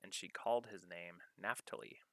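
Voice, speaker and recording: A man with a low, forceful voice reads scripture aloud, working slowly and deliberately through verses and their study notes. The sound is dry and close. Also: creaky, no echo. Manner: measured, deliberate reading, pausing to cite references. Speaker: scripture reader. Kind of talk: reading scripture aloud with study-note commentary.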